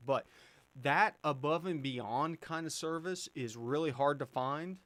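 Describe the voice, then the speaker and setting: A man's voice: medium pitch, moderate pace, a bit bright. Chatty male livestream host answering chat. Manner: chatty, conversational, frequent fillers and restarts. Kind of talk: casual live-stream chat.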